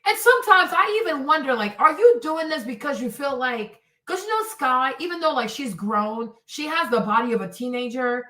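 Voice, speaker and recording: A woman hosting a stream, ranting in an animated, exasperated way, swearing freely and sometimes breaking into shouts. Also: sits high, moderate pace, hardly any pauses, distant mic. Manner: bursts into shouts. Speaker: host. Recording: echoey room, off the mic.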